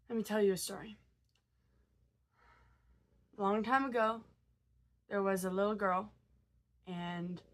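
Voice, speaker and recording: A woman's voice: medium pitch, fairly bright tone. A woman vlogger with a cold, sounding tired as she tells a story in a loose, casual way. She hesitates a lot and trails into fillers and restarts. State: sick, tired.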